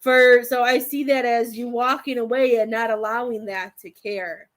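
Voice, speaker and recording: A woman's voice: a little high, steady tone, normal speed, fairly bright tone. A woman giving a tarot reading as a medium, talking in a rambling, hesitant way that often turns emotional. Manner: rambling, hesitant, full of "I feel like"; emotional and tearful at times. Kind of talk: live-stream tarot reading.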